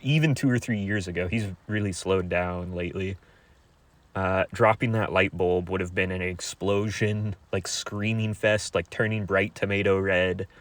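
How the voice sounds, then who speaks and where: Low-voiced young man rambling crudely. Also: no echo. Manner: crude, rambling, halting with many fillers. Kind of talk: casual rambling monologue.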